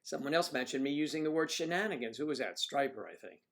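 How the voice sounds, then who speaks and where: Middle-aged guy hosting a livestream, jokey and chatty, plain mid-pitched voice. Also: expressive, fast talker, vocal fry. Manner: joking, chatty, reads out viewer comments. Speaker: livestream host. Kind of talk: casual livestream chat.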